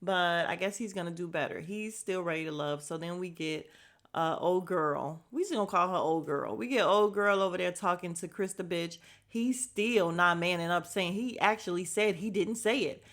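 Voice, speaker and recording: A woman's voice: on the low side, measured pace, a bit bright. A woman hosting a podcast, recapping in a casual, blunt and opinionated way, swearing freely, with lots of fillers and asides. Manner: chatty with frequent fillers and asides. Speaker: podcast host reviewing a reality dating show.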